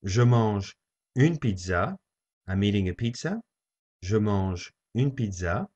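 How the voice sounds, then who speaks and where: A man teaching a French lesson, saying each phrase slowly and repeating it for learners to copy. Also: fairly low pitch, animated, a little mellow. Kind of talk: slow language lesson. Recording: dull lo-fi recording.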